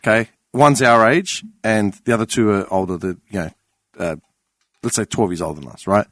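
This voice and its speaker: Animated man telling a story. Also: fairly low pitch, a little fast, dry recording, clean studio sound. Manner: animated storyteller, swears freely. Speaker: podcast co-host. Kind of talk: casual podcast chat.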